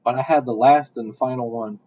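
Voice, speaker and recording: A young man telling a rambling story in casual podcast chat, with animated bursts. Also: mid-range voice, a little fast. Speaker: podcast host. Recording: dull lo-fi sound.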